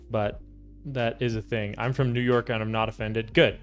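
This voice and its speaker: A man's voice: fairly low pitch, normal speed, soft background music. A young American man chatting casually with his stream chat while he builds a keyboard. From United States. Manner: relaxed, chatty, reads and answers chat.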